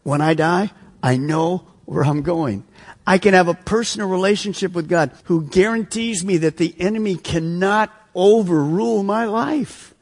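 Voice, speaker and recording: A man preaching in a church, moving from pointed questions to quiet, earnest calls. His voice runs a little high and carries a husky edge. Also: normal speed. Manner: emphatic preaching, rhetorical questions, drops to soft earnest appeal. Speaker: pastor. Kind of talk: sermon. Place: church sanctuary.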